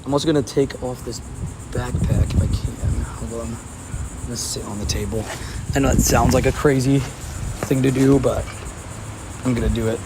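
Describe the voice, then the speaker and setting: A man's voice: medium pitch, steady tone, normal speed, gravelly. A man live-streaming outdoors, chatting casually with his viewers and laughing often. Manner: laughs often, talks to chat. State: sweaty and hot. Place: outdoors at a park by water. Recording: faint outdoor background noise.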